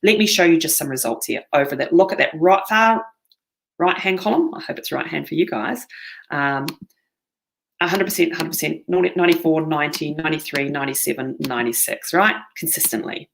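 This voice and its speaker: A woman's voice: low-pitched, brisk, vocal fry, slight background noise. A middle-aged woman with a New Zealand accent presenting a live marketing webinar, talking straight to her viewers and often checking in with "okay?". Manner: upbeat, addresses viewers directly, frequent "okay?" check-ins. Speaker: seminar presenter.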